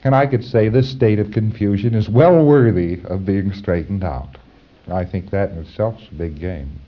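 Guy lecturing a class, kinda low voice, stops and starts with lots of uh, repeats words, muffled old tape sound. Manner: halting, with repeated phrases and "uh" fillers. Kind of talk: informal lecture to trainees.

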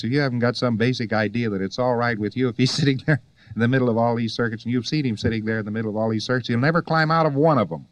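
A man's voice: medium pitch, rapid-fire, no room sound. Wry male lecturer, dry sound. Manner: conversational, rhetorical questions, wry asides. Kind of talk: recorded lecture to students.

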